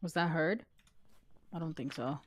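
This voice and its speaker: A woman's voice: low-pitched, normal speed, dry recording. Woman streamer taunting a game ghost. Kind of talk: live gameplay commentary.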